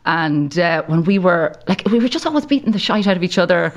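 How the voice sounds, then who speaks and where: An Irish woman in her thirties, a broadcaster and guest, telling stories in an animated way with frequent laughs. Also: lowish voice, brisk, highs cut off. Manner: animated storyteller, laughs often. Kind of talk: casual interview chat.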